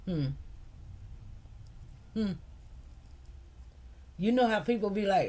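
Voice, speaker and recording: A woman talks slowly to her viewers, lingering on her words and repeating lines for emphasis. She speaks in in a casual storytelling style. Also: mid-range voice, lively intonation, dark tone. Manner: emphatic, repeats phrases, addresses viewers as "you guys". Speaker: commentary channel host.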